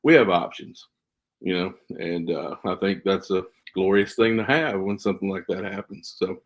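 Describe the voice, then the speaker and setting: School safety trainer, man, lowish voice, earnest and emphatic podcast guest. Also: moderate pace. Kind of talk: casual podcast interview.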